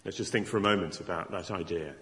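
A man's voice: sits low, fast, a bit bright. A middle-aged man preaching an evangelistic Christmas sermon, earnest and conversational, voicing imagined objections from his listeners. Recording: long reverb of a large hall.

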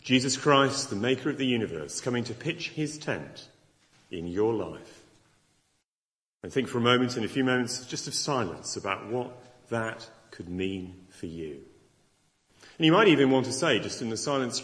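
A man's voice: medium pitch, animated, moderate pace, a bit bright. A middle-aged man preaching an evangelistic Christmas sermon, earnest and conversational, voicing imagined objections from his listeners. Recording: long reverb of a large hall.

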